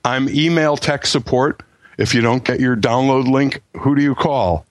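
A man's voice: mid-range voice, moderate pace, dry recording. Guest author man, stammering enthusiasm. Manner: stammering restarts, enthusiastic self-promotion. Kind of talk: casual podcast chat.

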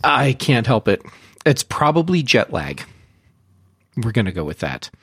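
A man hosting a casual tech podcast, teasing his co-hosts in an animated way. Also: medium pitch, a little slow, creaky, slightly rough, dry recording, studio quality. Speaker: podcast host.

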